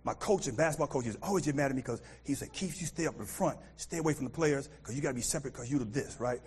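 A middle-aged American man preaching a sermon as pastor, animated, swinging from loud outbursts to quiet asides. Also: medium pitch, very fast, breathy edge. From United States.

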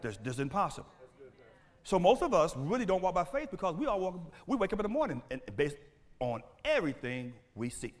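A man preaching a sermon, asking the congregation questions and rising to shouts. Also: a little high. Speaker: pastor.

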